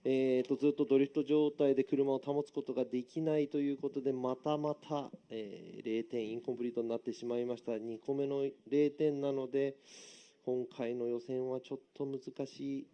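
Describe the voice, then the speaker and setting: A man commentating on drift runs, talking quickly and switching between Japanese and English. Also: mid-range voice, steady tone, highs cut off. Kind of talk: motorsport commentary.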